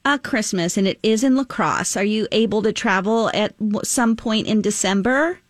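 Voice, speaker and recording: A woman radio host running a prank phone call with an earnest pitch, stifling laughs. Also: moderate pace, dry recording, studio quality. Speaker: radio morning show host.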